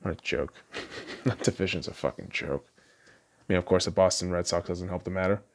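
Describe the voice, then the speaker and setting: A man hosts a podcast where he rants casually and profanely about sports, laughing often. He swings from low mutters to high, excited outbursts, speaking at a normal speed.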